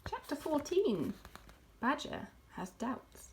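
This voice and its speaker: A woman reading a children's book aloud in an expressive, animated way. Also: sits high, slow, a little hiss or hum. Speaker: storyteller.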